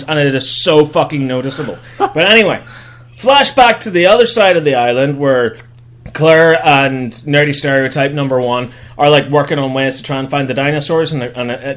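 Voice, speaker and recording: A man's voice: on the high side, a bit bright. A young man hosting a podcast, giving a sarcastic, profane comedic recap of a film and slipping into mock voices for the characters. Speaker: podcast host.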